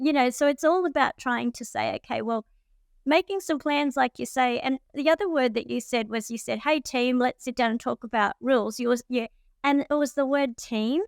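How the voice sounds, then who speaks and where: A woman's voice: fairly high pitch, gravelly, clean tone, dry recording, clean studio sound. A middle-aged woman co-hosting a podcast, reflecting thoughtfully on parenting in a casual discussion. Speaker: podcast co-host.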